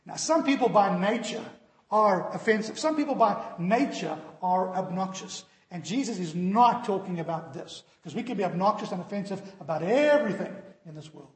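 High-voiced pastor in an echoey hall. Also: male voice, normal speed. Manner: animated storytelling, emphatic preaching. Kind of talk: sermon.

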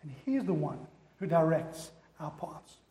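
A male pastor preaching a sermon with animated storytelling. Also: a little high, measured pace, echoey room, in a large hall.

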